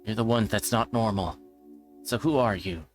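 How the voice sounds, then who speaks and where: A man reading a visual novel aloud, voicing a frightened, defiant teenage girl who talks in a strained, panicked, shouting way. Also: lowish voice, normal speed, faint music behind, close to an everyday voice. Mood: angry, defiant.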